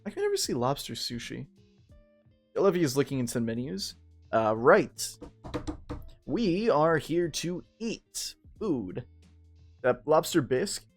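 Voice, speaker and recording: Drunk gamer guy, gravelly, swears a lot, loose rambling chat, soft guitar music under him. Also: medium pitch. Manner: rambling, profane, tipsy and joking. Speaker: game streamer. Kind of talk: casual let's-play commentary, reading game text aloud.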